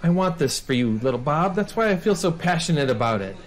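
A man hosts a scripted comedy bit in a theatrical, preachy big-brother tone. His voice sits a little high and swings widely in pitch, rising dramatically when he lectures. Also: sing-song, fairly quick, soft background music. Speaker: host.

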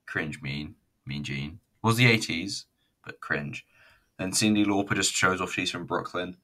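Low-voiced man rambling through a review. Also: a little slow, sharp tone. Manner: rambling, profane, self-mocking. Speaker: wrestling reviewer. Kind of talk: casual solo review commentary.

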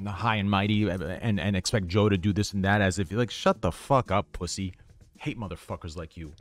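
A man in his thirties tearing into someone on a livestream, cursing in nearly every breath. His voice sits a little low. Soft music plays quietly behind him. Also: brisk. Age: 30s. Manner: profane, combative ranting. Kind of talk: heated livestream rant.

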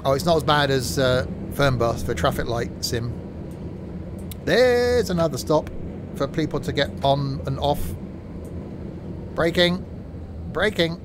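Over the rumble of in-game vehicles, a medium-pitched man speaks at a measured pace. He's streaming a game and casually commenting on his driving, cracking jokes as he goes.

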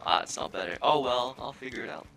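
A man's voice: medium pitch, fast talker, vocal fry, faint music behind. A young man streaming a team game, chatting casually, swearing and cheering his team on. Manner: excitable, swears, cheers loudly. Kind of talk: casual gaming chat with callouts.

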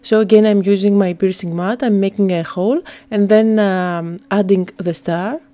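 A woman narrating a step-by-step card-making tutorial, calm and explanatory, with frequent "uh" fillers. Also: mid-range voice, moderate pace.

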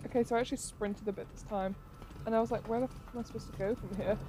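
Give me an excitable, sweary woman. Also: fairly high pitch, very fast, background noise. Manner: excitable, sweary, retells her own panic. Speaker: gameplay commentator. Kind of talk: voice-over narration of gameplay footage.

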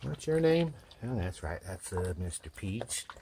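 A man's voice: lowish voice, very animated, unhurried, background noise. A man, chatting casually outdoors on a back porch and calling to puppies in a coaxing, sing-song voice. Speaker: dog breeder showing puppies. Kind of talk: casual chat to camera and puppies.

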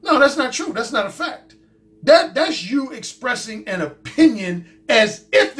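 A man's voice: very high voice, big pitch swings, a little slow, fairly bright tone. A man hosting his own channel, giving a casual, blunt and profane commentary monologue and repeating his points. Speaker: dating coach and YouTube host.

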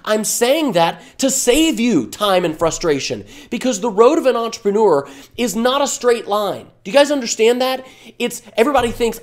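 A man's voice: very high-pitched, lively intonation, moderate pace. A man giving a fired-up, emphatic motivational talk to camera as an online business coach, full of rhetorical questions.

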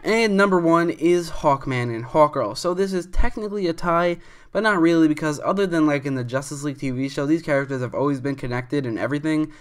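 Young male commentator, smooth resonant voice, rambling opinionated delivery. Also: fairly high pitch, a little fast. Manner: rambling, restarts often, opinionated. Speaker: commentary video host.

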